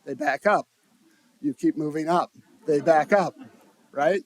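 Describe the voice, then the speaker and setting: A man's voice: fairly high pitch, unhurried, no echo. A man giving a live talk at a conference, speaking conversationally, restarting phrases and putting questions to the audience. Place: conference room.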